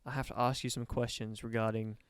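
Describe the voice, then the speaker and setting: A man's voice: medium pitch, flat delivery, brisk, smooth, no echo, clean studio sound. A young man, a student interviewing a comedian in a chatty, filler-heavy way. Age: young adult. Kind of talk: casual interview.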